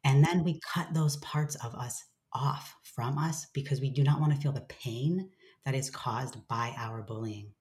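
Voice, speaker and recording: As an interview guest, a woman with an unusually deep, low voice and a darkish tone shares candidly and reflectively, speaking a little slowly. She swears offhandedly and puts on playful voices when quoting her own self-talk.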